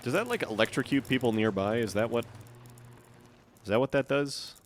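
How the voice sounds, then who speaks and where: A man's voice: medium pitch, lively intonation, normal speed, slight background noise. A man casually commenting on his gameplay during a live stream, wry and swearing when startled.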